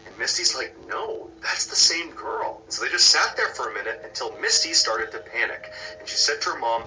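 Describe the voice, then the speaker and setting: A man telling a scary true story in a scripted, hushed and dramatic narration. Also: a little high, big pitch swings, brisk, few pauses, recorded from a distance, highs cut off, slight background noise.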